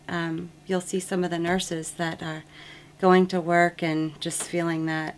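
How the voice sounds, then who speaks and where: A woman's voice: lowish voice, flat delivery, unhurried. A woman nurse telling an earnest, reflective story about her work, with frequent ums. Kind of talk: testimonial interview.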